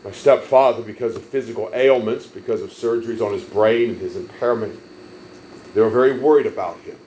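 A man preaching a sermon, telling stories emphatically and swelling loud on key lines. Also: fairly low pitch, fairly quick, a little hiss or hum, low-quality recording. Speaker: pastor.

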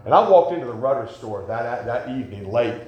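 A man preaching a sermon, telling folksy stories and rising to loud, emphatic questions. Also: mid-range voice, lively intonation, a little fast, dull audio. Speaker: pastor. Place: church sanctuary. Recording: echoey church sanctuary.

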